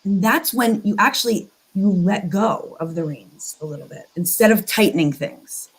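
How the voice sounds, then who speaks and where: A woman's voice: medium pitch, animated, moderate pace, slightly rough, rough recording. Woman, co-host, earnest, coaching, casual conversation.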